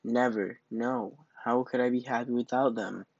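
A man voicing a proud, vain male fish from a storybook, with a haughty, sharp manner. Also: mid-range voice, steady tone, normal speed, creaky, no echo, muffled recording. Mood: horrified.

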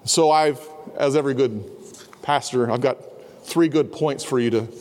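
A pastor preaching an earnest sermon, sometimes dropping to a soft, low voice. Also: male voice, normal speed. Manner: earnest, drops to a soft low voice for quiet passages. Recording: long hall reverb. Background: students in a campus service.

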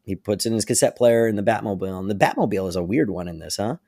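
A man co-hosts a casual podcast and eagerly retells a story. His voice sits on the low side and sounds dry and close to the mic. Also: very fast, no room sound. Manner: animated retelling with frequent laughs. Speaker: podcast co-host. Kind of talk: casual chat.

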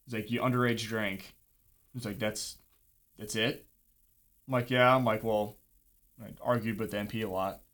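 A man's voice: on the low side, fairly even intonation, normal speed, long pauses, fairly bright tone. A young man telling a long story in casual chat, swearing a lot and acting out what people said. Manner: profane, rambling, acts out dialogue.

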